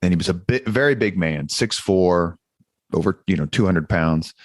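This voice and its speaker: Low-voiced male podcast host, dry sound. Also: lively intonation, no room sound. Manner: curious, measured questioning. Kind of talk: podcast interview questions.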